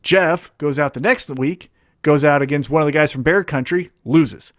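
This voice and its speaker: A man co-hosting a casual podcast, spinning an animated story and acting out quoted lines as he goes. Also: a little high, normal speed, dry recording, studio quality. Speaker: podcast co-host. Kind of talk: casual wrestling podcast chat.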